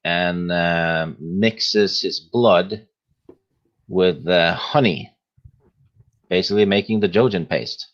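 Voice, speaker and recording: A man appearing as a podcast guest, explaining his theory at a measured pace with many hesitations. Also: deep voice, dull audio. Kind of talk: casual podcast discussion.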